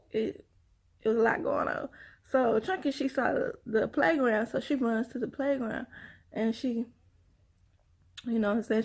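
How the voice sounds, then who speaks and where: A woman's voice: on the high side, creaky, breathy edge. A woman telling a rambling personal story to her viewers, sighing often and calling them y'all. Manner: chatty, addresses viewers as y'all, sighs often. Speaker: vlogger.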